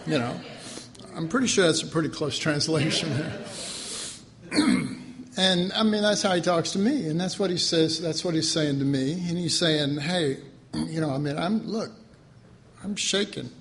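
A man's voice: on the high side, a little slow, fairly bright tone. A man preaching a conversational sermon in a folksy way, laughing often and acting out the voices he quotes.

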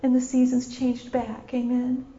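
An impassioned woman preacher with a slightly high voice, repeating her phrases and acting out scenes as she preaches. The sound is muffled and lo-fi. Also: completely flat delivery, a little slow, dark tone. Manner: impassioned, repetitive, acts out scenes. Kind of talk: sermon. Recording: dull lo-fi recording.

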